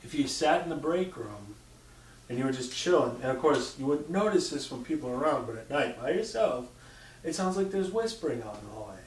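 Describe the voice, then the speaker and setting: A man's voice: mid-range voice, sing-song, a little fast. A man telling stories in casual chat. He swears freely and acts out sounds and quotes. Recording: roomy sound from a distant mic.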